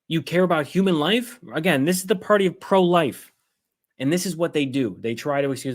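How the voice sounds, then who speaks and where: Speaking at a normal speed in a fairly high-pitched voice, a political commentary host rants angrily on his livestream. He gets heated, swears, and mocks people with sarcastic impressions.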